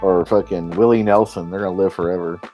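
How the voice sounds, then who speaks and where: Man, low voice, casual profane rambling, stream host, faint background music. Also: quick pace. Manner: rambling, profane, animated storytelling. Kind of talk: casual chat.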